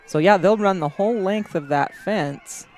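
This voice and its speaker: A man's voice: high voice, moderate pace. Chatty, laughing male race commentator. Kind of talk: live event commentary. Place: indoors, watching on a big screen.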